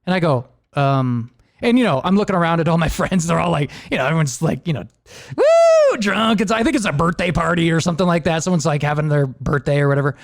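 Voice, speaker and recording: A young man with a fairly high voice tells a story with big swings of pitch. He rambles through it in a loose, casual way and laughs often as he hosts the podcast. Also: sing-song, fast talker, gravelly. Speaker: podcast host.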